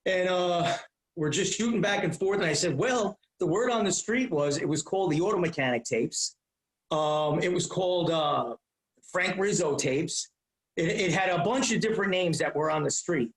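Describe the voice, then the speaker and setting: Middle-aged male podcast guest, high-pitched, lively storyteller, roomy echo. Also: normal speed. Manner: animated, profane, repeats himself. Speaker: guest, comedian. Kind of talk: casual storytelling.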